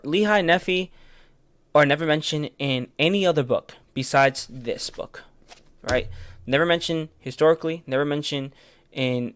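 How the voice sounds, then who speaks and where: Man, casual livestream study talk, halting and filler-heavy, replies to chat in passing, fairly high pitch. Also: smooth, no echo. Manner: hesitant, filler-heavy, stumbles over terms and corrects himself; answers viewers' comments in passing. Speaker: livestreamer leading a Bible study.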